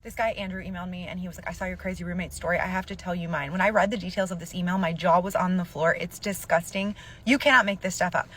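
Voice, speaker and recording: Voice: mid-range voice, fairly even intonation, quick pace, a bit bright. A storyteller recounting a reader's story in casual storytime narration, chatty and full of "like". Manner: chatty, peppered with "like".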